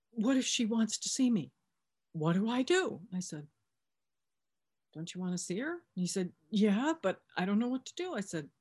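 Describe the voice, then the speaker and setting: Her voice is mid-range and a bit mellow. Speaking as a recovery sponsor, she recounts a personal experience in easy conversation, recreating dialogue and stumbling over fillers and restarts.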